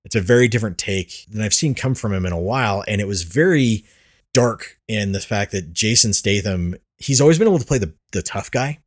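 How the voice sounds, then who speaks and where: A man's voice: fairly low pitch, lively intonation, brisk. A man hosting a casual podcast, talking loosely with frequent fillers and restarts. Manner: rambling, many restarts and fillers. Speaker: podcast host. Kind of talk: casual chat about movies.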